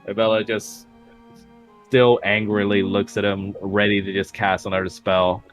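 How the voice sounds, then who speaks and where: A man's voice: lowish voice, flat delivery, unhurried, soft background music, rough recording. A man narrating a tabletop game as game master, casual and full of fillers.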